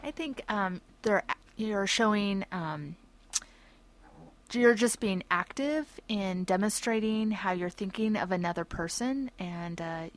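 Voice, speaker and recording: A woman with a mid-pitched voice co-hosts a radio talk show. She asks curious, thoughtful questions in a relaxed conversational way. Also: takes it slowly. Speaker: radio co-host.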